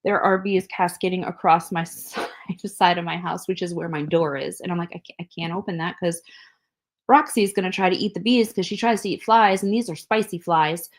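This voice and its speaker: A woman's voice: on the low side, fairly quick, hardly any pauses. Chatty woman telling a funny story, laughs a lot, acts out the voices. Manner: animated, laughing storyteller acting out quotes. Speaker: podcast co-host. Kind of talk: casual storytelling chat.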